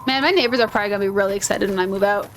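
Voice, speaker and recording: A woman's voice: mid-range voice, racing, a bit bright, slight background noise. A woman with a Minnesotan accent, chatting in a rambling, playful way while she plays a video game. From Minnesota, USA. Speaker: gaming video host. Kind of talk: casual chat over gameplay.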